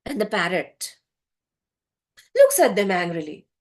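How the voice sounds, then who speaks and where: A woman storyteller narrating an animal fable in an expressive, sing-song way. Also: fairly high pitch, takes it slowly.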